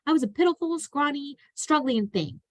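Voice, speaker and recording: Reading aloud, a woman takes on the part of an earnest, hopeful young boy, pitching her voice above her natural range. The voice is high and animated at a normal speed, recorded in studio quality with no echo.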